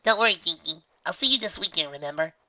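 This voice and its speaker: A man's voice: high-pitched, animated, fast talker, bright, forceful tone, muffled recording, pitched above the performer's own voice, heavily acted. A man voicing a pegasus mother, reassuring and motherly. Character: warm encouraging pegasus mother.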